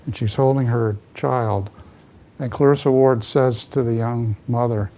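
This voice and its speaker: A man's voice: mid-range voice, steady tone, measured pace, warm tone, slight background noise. A man, an ambassador, giving an emphatic public talk full of stories and answering audience questions as he moves around. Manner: emphatic storyteller, restless, moves around while speaking. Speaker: ambassador speaking at a forum.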